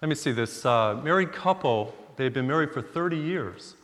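A man's voice: a little high, lively intonation, normal speed, a bit bright. A man, a priest, leading a retreat with prayer and casual joke-telling, talking in a chatty way with fillers. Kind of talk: joking retreat sermon. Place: church or retreat hall. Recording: long hall reverb.

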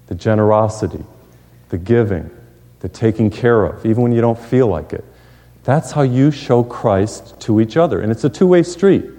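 Man, middle-aged, preacher, folksy storytelling sermon, mellow voice, long hall reverb. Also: fairly low pitch. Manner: folksy storytelling with jokes and asides.

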